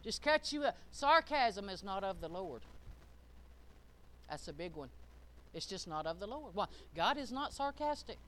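An older woman preaching a sermon, emphatic and folksy, swinging between loud and hushed. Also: mid-range voice, very animated, a little slow, pauses often, slight background noise.

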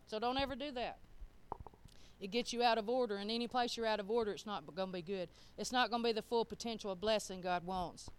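A woman preaching a sermon, speaking conversationally and swinging between loud emphasis and soft asides. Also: medium pitch, fairly even intonation, quick pace, clear, resonant tone. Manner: conversational, with colloquial grammar.

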